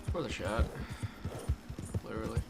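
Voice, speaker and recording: A man's voice: fairly low pitch, moderate pace, gravelly, heavy background noise. A man streaming a game and chatting casually, in a rambling way that corrects itself as he goes. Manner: rambling, laughing, self-correcting. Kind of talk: casual gaming chat.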